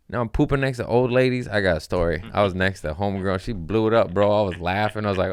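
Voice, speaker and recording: Low-voiced profane comedian telling stories. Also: male voice, fairly quick, clear, resonant tone. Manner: profane, animated, laughing storyteller. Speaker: comedian podcast host. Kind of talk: casual storytelling.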